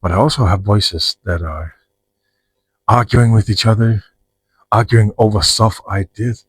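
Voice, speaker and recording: A man's voice: fairly low pitch, fairly even intonation, unhurried, breathy edge, no echo, poor audio. A man talking frankly about his own life in a rambling, profane monologue with frequent restarts. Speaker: vlogger. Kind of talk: personal monologue to camera.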